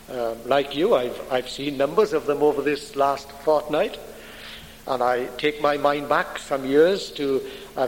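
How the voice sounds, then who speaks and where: A man preaching a sermon in a deliberate, emphatic way with dramatic pauses. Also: on the high side. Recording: long hall reverb, faint background noise.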